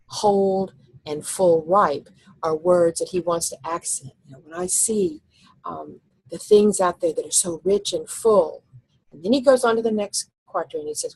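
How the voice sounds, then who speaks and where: A woman teacher giving a recorded slide lecture, explaining step by step and thinking aloud, slowing down when she reads lines of verse. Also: fairly low pitch, lively intonation, vocal fry, a little mellow, slightly rough, rough recording.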